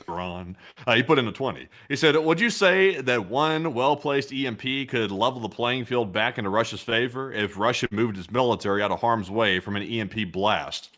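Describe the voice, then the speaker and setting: Co-host, male, bright forceful tone, reads donation messages, easygoing. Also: mid-range voice. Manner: reads donations aloud, relaxed banter. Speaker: co-host reading viewer messages. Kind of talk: casual livestream chat.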